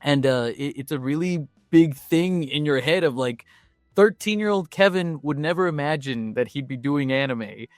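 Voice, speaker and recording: A man's voice: a little high, expressive, moderate pace, no echo, studio quality, soft background music. A man from Puerto Rico, a voice actor guest on a podcast, friendly and upbeat, laughing easily. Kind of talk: casual interview chat.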